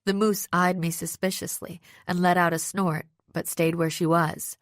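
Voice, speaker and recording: A woman reading a first-person audiobook narration in a steady, even storytelling manner, close to the microphone. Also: deep voice, unhurried, hardly any pauses, no echo. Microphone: close studio microphone.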